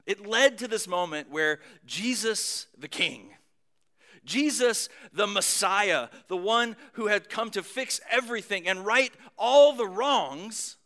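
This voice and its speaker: A man preaching a sermon, moving between booming emphasis and hushed near-whispers, with casual conversational asides. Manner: conversational asides with light humor. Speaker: pastor.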